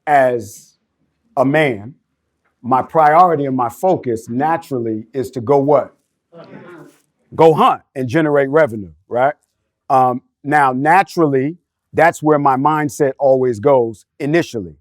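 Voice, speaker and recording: A middle-aged man telling a candid personal story in casual podcast talk, animated and street-casual. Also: medium pitch, a little slow, no echo, studio quality. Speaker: podcast panelist.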